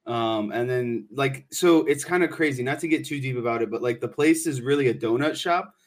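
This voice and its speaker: A man co-hosting a sports talk show. He talks at a relaxed, easygoing pace and tends to ramble, dropping plenty of fillers into his stories. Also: medium pitch, brisk. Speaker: podcast co-host.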